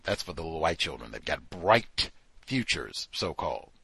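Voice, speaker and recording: A man hosting a talk show in a loose, conversational way, sometimes acting out other people's voices. His voice is husky with a bright edge, and his pitch swings widely. The sound is dry and close. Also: moderate pace, no room sound. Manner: animated, acts out quoted voices. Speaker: podcast host. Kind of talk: casual commentary.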